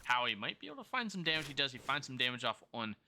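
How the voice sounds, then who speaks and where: Bright-voiced male esports caster with a sore throat. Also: mid-range voice, sing-song, slight background noise. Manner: rapid play-by-play with self-corrections and chat banter. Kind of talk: solo play-by-play commentary, chatting with live chat.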